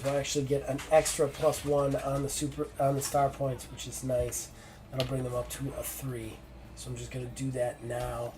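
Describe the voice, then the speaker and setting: A man narrating a solo wrestling tabletop game on stream with excited play-by-play and lots of fillers. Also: medium pitch.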